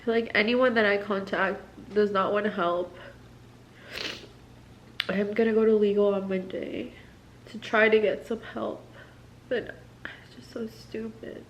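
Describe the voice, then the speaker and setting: A distressed young woman talks straight to her viewers in a confessional vlog, her speech rambling, profane and full of "like". Her pitch sits in an ordinary middle range. A faint hiss of background noise runs underneath. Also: steady tone, unhurried, pauses often. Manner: rambling, profane, filler-heavy "like". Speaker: military spouse.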